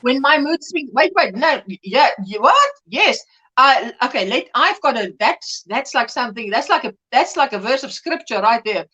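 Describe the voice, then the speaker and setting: A woman's voice: high voice, animated, normal speed, sharp tone, breathy edge, dull audio. A middle-aged woman hosting a casual livestream, chatting and reading viewer comments aloud with lots of rambling restarts. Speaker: livestream host. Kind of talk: casual chat.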